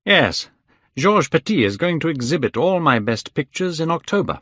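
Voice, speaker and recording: A man reading aloud, voicing a gentle, devoted male painter who speaks in a raised, earnest, coaxing tone. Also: fairly high pitch, very animated, moderate pace, dry recording, voice pushed up, full character voice. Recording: dull, dry lo-fi recording.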